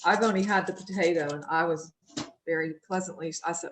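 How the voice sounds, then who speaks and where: A woman's voice: on the low side, fairly quick, reverberant, slight background noise, low-quality recording. A woman who is a guest cooking coach, chatting in a friendly, agreeable way about the dishes. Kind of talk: casual chat.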